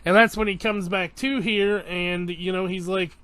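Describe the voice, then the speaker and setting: Excitable male anime reviewer, high bright voice, dry close sound, swears and re-enacts scenes. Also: normal speed, dry recording. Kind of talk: casual episode recap.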